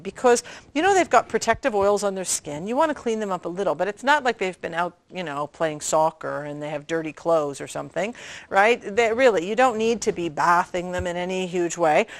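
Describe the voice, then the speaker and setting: Her voice is fairly high and the recording dry. She's a midwife from Canada running a prenatal class, showing things hands-on in a friendly, talkative way and frequently asking "okay?" to make sure the group is with her.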